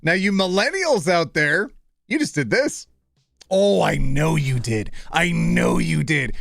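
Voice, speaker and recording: A man's voice: a little high, very animated, slow pace, vocal fry, a bit bright, no echo, studio quality. A man in his thirties hosting a live stream, playful and self-deprecating, fumbling over names and joking with chat. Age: 30s.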